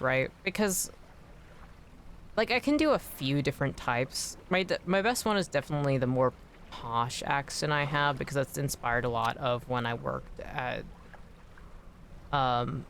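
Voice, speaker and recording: A man's voice: medium pitch, a bit bright, a little hiss or hum. Rambling, self-deprecating male streamer. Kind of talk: casual gameplay chat.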